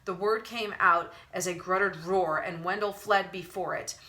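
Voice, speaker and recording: Low, bright-voiced woman narrating a storybook. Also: measured pace. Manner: expressive storytelling read. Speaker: audiobook narrator. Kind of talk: audiobook narration.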